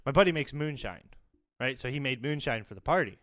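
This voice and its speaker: A man's voice: mid-range voice, animated, a little fast, fairly bright tone. A man telling a profane story in casual podcast chat, laughing through the punchlines.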